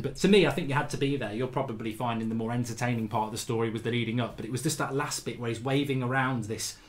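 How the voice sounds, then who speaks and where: A man hosting his show, casually telling a school story to viewers and acting out loud quotes, then saying he feels fatigued. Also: medium pitch. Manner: animated anecdotes with loud acted-out quotes. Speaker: host.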